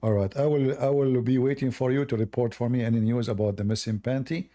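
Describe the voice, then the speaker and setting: A man who is not a hosts a call-in debate, arguing in a sarcastic, emphatic way while his voice is going hoarse. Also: medium pitch, fairly even intonation, fast, warm tone. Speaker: host.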